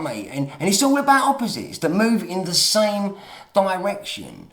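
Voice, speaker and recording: A man's voice: high voice, huge pitch swings, normal speed, a bit bright. Rambling man, roomy echo. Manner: meandering, swears, drops to mutters then rises to emphatic outbursts. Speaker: YouTube monologuist. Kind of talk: rambling to-camera monologue. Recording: roomy, echoey room sound.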